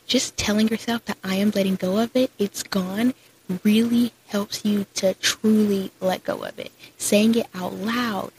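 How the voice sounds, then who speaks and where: A woman's voice: mid-range voice, fairly even intonation, moderate pace, a little mellow, slight background noise, low-quality recording. A young woman hosting her own podcast, chatting casually and upbeat, with lots of "like" and "so". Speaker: podcast host. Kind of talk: casual solo podcast chat.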